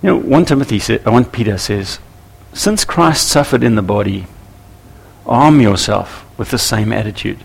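A man preaching a sermon to church leaders, animated and acting out little scenes with voices. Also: fairly low pitch, normal speed, vocal fry, husky. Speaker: pastor.

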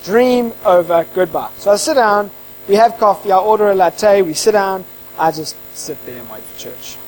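A man who interviews people, telling a casual anecdote in an animated way and acting out the dialogue. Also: high voice, moderate pace, slight background noise, poor audio.

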